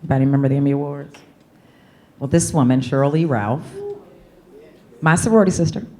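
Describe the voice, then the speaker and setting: Low-voiced woman coach, energetic keynote speaker, call-and-response with audience. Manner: lively, leads call-and-response chants with audience. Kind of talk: motivational keynote speech. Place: conference hall stage.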